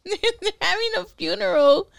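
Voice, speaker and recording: A woman's voice: very high voice, measured pace, vocal fry, a bit bright, no echo, studio quality. A woman co-hosting a casual movie podcast, giggling as she retells scenes. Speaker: podcast co-host.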